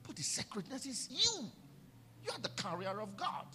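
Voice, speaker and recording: High, lively Nigerian male preacher. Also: moderate pace, slight background noise. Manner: emphatic preaching with sudden swings between loud and soft, sing-song phrasing. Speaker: pastor. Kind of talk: sermon.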